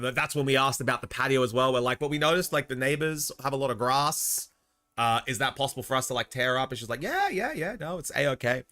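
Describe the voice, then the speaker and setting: A man's voice: medium pitch, pushed and bright. A young Australian man with an Australian accent, chatting casually on a livestream, rambling and reading out chat messages. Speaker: streamer.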